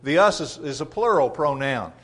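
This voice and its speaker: A man preaching a sermon, reading scripture loudly and dropping to quiet rhetorical asides. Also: fairly high pitch, lively intonation, normal speed. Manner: emphatic, rising loud on scripture readings.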